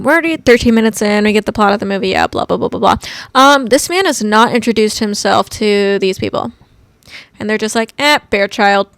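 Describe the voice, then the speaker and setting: A woman with a high, bright-pitched voice talks through a casual movie review. She rambles and fills her talk with "like", breaking into animated exclamations. Faint music plays quietly behind her. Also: dry recording. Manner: chatty, rambling, heavy use of "like".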